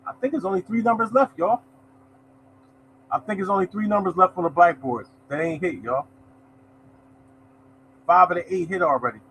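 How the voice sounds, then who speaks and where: A man runs a casual live lottery show, slightly high-voiced and loose in tone. He keeps up a friendly running chatter, greeting viewers and saying "y'all" often. A faint background hiss sits under his voice. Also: normal speed, long pauses, fairly bright tone, rough recording. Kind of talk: casual live-stream chat, reading results.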